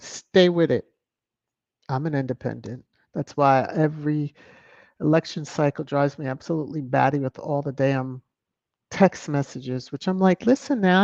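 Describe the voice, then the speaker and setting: A woman's voice: low voice, creaky, no room sound. Chatty woman livestreamer with dull lo-fi sound. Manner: chatty, opinionated, expressive. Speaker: livestream host. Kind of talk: casual livestream chat, reading viewer comments. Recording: dull lo-fi home stream audio.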